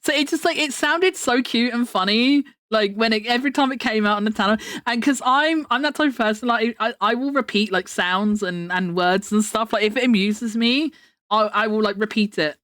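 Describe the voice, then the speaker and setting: A woman's voice: fairly high pitch, moderate pace, a bit bright, no echo, studio quality. A young woman livestreamer chatting casually to her viewers, rambling through a story with lots of fillers and laughter. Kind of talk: casual stream chat.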